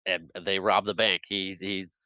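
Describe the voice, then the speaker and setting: A man's voice: deep voice, little pitch movement, a little slow, bright, forceful tone, dry recording, poor audio. A man co-hosting a podcast, rambling through a casual film recap and laughing often. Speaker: podcast co-host.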